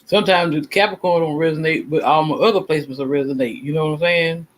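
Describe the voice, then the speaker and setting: A man's voice: on the high side, fairly even intonation, fast talker, a little hiss or hum, rough recording. Rambling self-assured man, raised voice. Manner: rambling, emphatic, self-assured, repeats himself. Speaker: channel host. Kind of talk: casual livestream talk.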